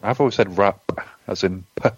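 A man with a low voice joins a comedy podcast over a video call. He is blunt and sweary with deadpan jokes, and the call audio sounds dry and a little dull. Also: fairly quick, no echo. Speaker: podcast co-host. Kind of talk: casual comedy podcast chat.

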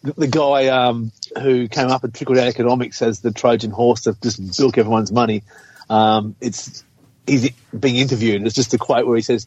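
A man's voice: medium pitch, normal speed, a little mellow. A man co-hosting a podcast, sarcastic and sweary, mocking officials in silly voices. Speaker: podcast co-host. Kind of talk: casual comedy podcast chat. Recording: dull lo-fi remote audio.

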